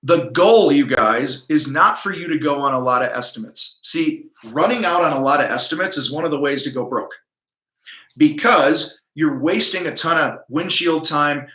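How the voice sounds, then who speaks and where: A man's voice: a little high, lively intonation, moderate pace, pushed and bright, reverberant. A middle-aged man hosting a livestream coaching talk from his office, blunt, profane and pumped-up. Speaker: host. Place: home office.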